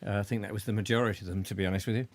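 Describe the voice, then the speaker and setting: A man's voice: fairly low pitch, steady tone, very fast, no room sound. A man hosting a casual chat show, rambling in a playful, jokey way. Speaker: show host.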